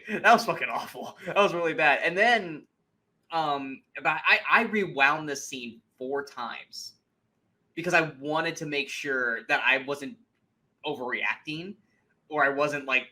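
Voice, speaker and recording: A man co-hosting a movie review podcast, chatting casually in an animated, profane way and acting out scenes in mocking voices. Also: a little high, normal speed. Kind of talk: casual chat.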